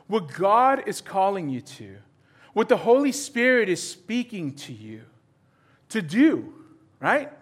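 A middle-aged male pastor delivers a sermon with animation, acting out little dialogues in different voices. His voice sits high.

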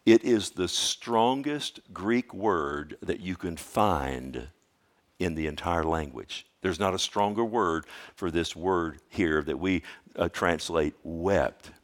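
Lowish-voiced man preaching a sermon. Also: takes it slowly. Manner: preaching, calls to the congregation with questions; swings between quiet explanation and loud emphatic stretches. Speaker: pastor.

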